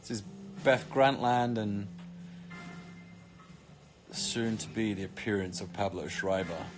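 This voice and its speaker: A man's voice: lowish voice, takes it slowly, pauses often, faint music behind. A British man chatting casually on a live stream, reading comments with cheeky, joking banter. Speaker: actor streaming live to fans.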